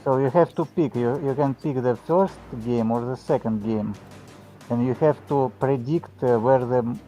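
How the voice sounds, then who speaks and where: A man's voice: mid-range voice, normal speed, dark tone, faint music behind. A man running an online game, giving direct, brief instructions in simple English. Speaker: game master. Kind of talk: casual live stream chat.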